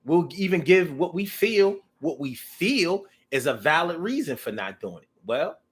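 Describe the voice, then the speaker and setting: A man talking in a casual, rambling monologue, animated and profane, to his own audience. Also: a little high, measured pace. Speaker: vlogger.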